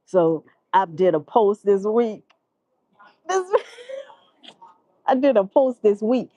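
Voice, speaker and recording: A woman vlogger, telling a story in profane, animated casual commentary and laughing often. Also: mid-range voice, takes it slowly, no room sound.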